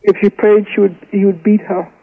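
A Scotsman's voice sits high, level in tone and brisk, coming through a phone line. As a visiting preacher, he passionately relates his family's testimony, frequently doubling back on words as he goes.

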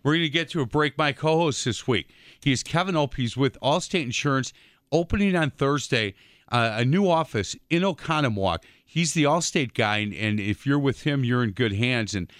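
A man, hosting a casual sports talk radio show and telling lively stories. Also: medium pitch, normal speed, no room sound, studio quality. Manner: chatty storyteller, acts out quotes.

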